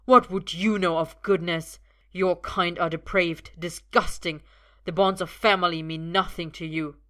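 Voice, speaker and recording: Uther, a cold, scornful middle-aged father with a gun, sneers low and menacingly in a storybook reading, with a forceful, bright edge on his words, as a woman puts him on. The tone is low for a woman's voice. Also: fairly even intonation, measured pace. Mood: sneering.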